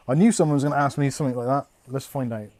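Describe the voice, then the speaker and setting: A man's voice: medium pitch, fast talker, mellow. A man hosting a live stream, chatting casually and swearing as he works through a build at home. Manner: chatty, swearing, laughing at himself. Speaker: host.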